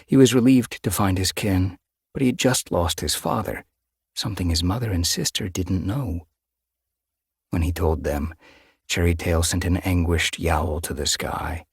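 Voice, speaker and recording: A man narrating an audiobook with steady, measured storytelling. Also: sits low, vocal fry, slightly rough, no echo, studio quality. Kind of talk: scripted narration.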